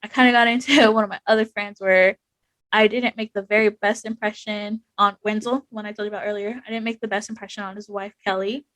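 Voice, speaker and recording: A woman's voice: mid-range voice, fairly even intonation, fairly quick, a bit bright, dry recording, low-quality recording. Young woman vet on a podcast, super frank, lots of "like", dry close mic. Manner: frequent "like" fillers, emotional and frank. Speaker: podcast guest, Army veteran. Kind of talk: candid conversational storytelling.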